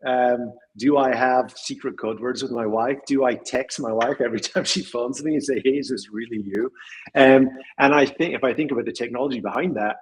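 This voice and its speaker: A man's voice: medium pitch, a little fast, few pauses, breathy edge, low-quality recording. A man who runs a tech company, speaking as an interview guest in a thoughtful, rambling way. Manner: thoughtful, rambling with restarts and small laughs. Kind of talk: casual interview conversation.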